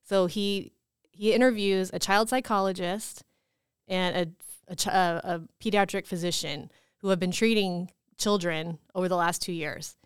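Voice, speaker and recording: A woman from California co-hosting a podcast, talking in an earnest, measured way with many fillers. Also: on the low side, fairly even intonation, clear, resonant tone, no room sound, studio quality. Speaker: podcast co-host. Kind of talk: casual chat.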